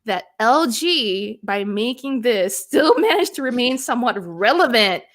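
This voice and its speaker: A woman's voice: fairly high pitch, big pitch swings, fairly bright tone. Chatty woman co-hosting a tech podcast. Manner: chatty, quick asides, lots of fillers. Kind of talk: casual chat.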